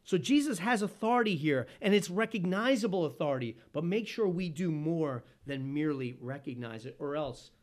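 A man preaching a sermon as pastor, asking the congregation questions and swinging from loud exclamations to hushed asides. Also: fairly high pitch, lively intonation, moderate pace, few pauses.

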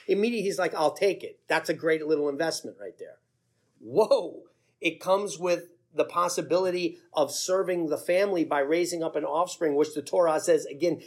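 A male pastor preaching a sermon, retelling the story in a lively, conversational way and slipping into the characters' voices. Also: high-pitched, husky. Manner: animated storytelling, acts out the characters with chuckles.

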